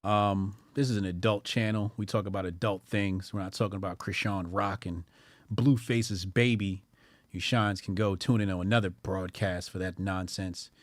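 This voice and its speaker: A man hosting a casual livestream commentary, slangy and profane, talking to his chat and swinging between loud excitement and low mumbling. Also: normal speed, dry recording. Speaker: streamer and news commentary host.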